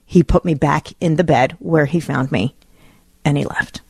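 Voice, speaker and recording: A middle-aged woman host tells a personal story on talk radio. She is animated and swings through her range as she acts out her own lines. The studio sound is close and dry. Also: low voice, moderate pace, creaky, husky, no room sound.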